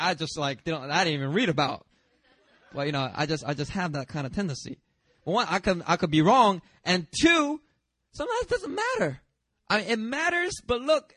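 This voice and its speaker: A pastor preaching a sermon in a lively, conversational way, with self-deprecating humor and chatty asides. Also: male voice, sits high, dry recording, studio quality.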